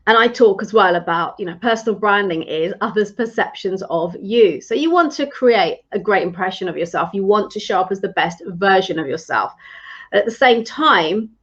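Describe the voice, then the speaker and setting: A woman's voice: mid-range voice, lively intonation, moderate pace, fairly bright tone, breathy edge, muffled recording. Encouraging woman coaching on a live stream. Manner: encouraging, conversational, restarts phrases. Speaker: leadership and career coach.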